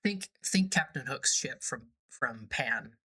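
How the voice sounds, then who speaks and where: Podcast co-host, bright voice, throws in quick ideas from slightly off-mic. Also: mid-range voice, expressive, slightly rough. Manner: chimes in with quick suggestions. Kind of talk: casual brainstorming chat.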